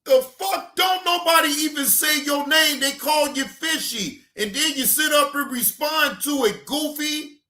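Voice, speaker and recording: High-voiced man ranting in an echoey room. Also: measured pace, faint music behind. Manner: heated, profane, often shouting. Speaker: reaction channel host. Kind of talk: ranting commentary.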